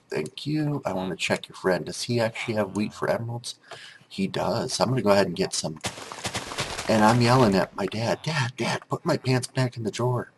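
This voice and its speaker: Deep, gravelly man telling a story. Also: a little hiss or hum. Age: adult. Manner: rambling, with many restarts. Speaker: gameplay commentator. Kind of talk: storytelling over gameplay.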